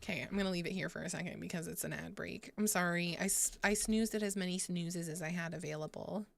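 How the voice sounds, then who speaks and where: A woman's voice: lowish voice, steady tone, fast, gravelly, no echo. A young woman hosting a gaming livestream, chatting casually with viewers, giggling and swearing freely. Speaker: livestream host. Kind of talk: casual gaming stream chat.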